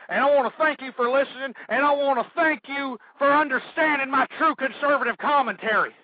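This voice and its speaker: A man's voice: extremely high pitch, brisk, few pauses, phone-quality sound, noisy background. A man hosting a radio talk show, ranting angrily in political commentary and hurling insults, a little out of breath. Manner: angry ranting, shouting insults. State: out of breath, sweating.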